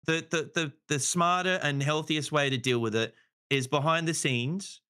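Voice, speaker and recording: A man's voice: fairly high pitch, moderate pace, sharp tone, clear, resonant tone. A man rambling in casual podcast chat, swearing freely and saying "you know" a lot. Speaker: podcast guest.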